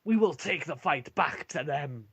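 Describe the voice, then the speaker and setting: A man voicing a stern male dwarf commander who gives booming, drawn-out orders. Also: lively intonation, creaky, a bit bright, slightly rough, heavily acted. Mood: commanding. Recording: lo-fi online call.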